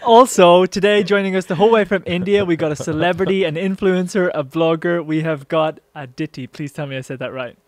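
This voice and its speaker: Upbeat man hosting, slightly high voice. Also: a little fast, hardly any pauses, dry recording. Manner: upbeat and joking, laughs often. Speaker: host. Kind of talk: casual interview.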